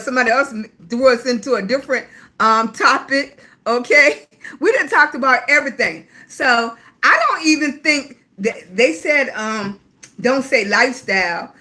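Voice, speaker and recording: Middle-aged woman, high voice, livestream host, casual chatty, affectionate, occasional cough. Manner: talkative, warm-hearted, calls viewers baby. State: coughing at times.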